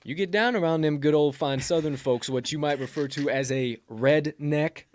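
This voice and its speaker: A man's voice: a little high, normal speed, slight background noise. A man co-hosting a casual sports podcast, swearing and laughing often as he talks. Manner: profane, laughing, slips into a put-on drawl. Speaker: podcast co-host.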